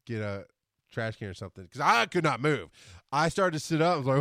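Animated male podcaster telling a story. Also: medium pitch, a little fast, no echo, clean studio sound. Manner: animated, laughs often, acts out scenes. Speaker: podcast host. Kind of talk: casual storytelling monologue.

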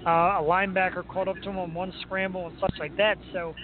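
A chatty male talk show host with a notably high voice runs through his favorite local athletes in an enthusiastic, rambling way. The sound is thin and phone-like, with a faint hiss behind him. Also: little pitch movement, fast. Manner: chatty, enthusiastic fan banter. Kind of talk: casual sports talk.

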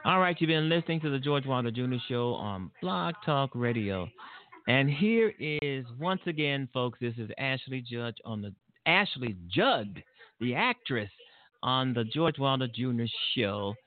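A man's voice: mid-range voice, lively intonation, unhurried. Indignant man ranting on a phone line. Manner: indignant, rambling, with restarts. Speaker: radio show host. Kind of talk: opinionated radio monologue. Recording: tinny dry phone-line audio.

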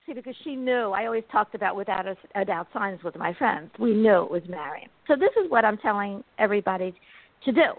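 Brief: expressive woman medium, interview guest, dry phone-line sound. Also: medium pitch, brisk, dry recording. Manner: animated, expressive storyteller. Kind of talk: interview storytelling.

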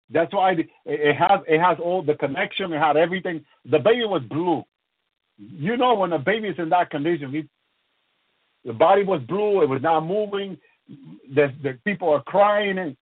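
Fervent high-voiced man preaching over a phone line. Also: dry recording. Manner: fervent, peppered with praise exclamations and restarts. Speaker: minister. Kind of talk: preaching testimony. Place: lives in the United States. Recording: thin phone-line radio broadcast sound.

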